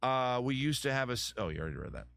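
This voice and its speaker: A man's voice: medium pitch, big pitch swings, rapid-fire, gravelly, a bit bright. A middle-aged man hosting a casual live stream, answering viewer comments in a rambling way, often restarting sentences and swearing casually.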